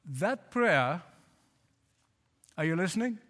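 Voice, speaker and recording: A male pastor preaching a sermon, emphatic, repeating phrases and slowing to stress lines. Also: sits high, animated, a bit bright. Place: church. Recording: hall reverb.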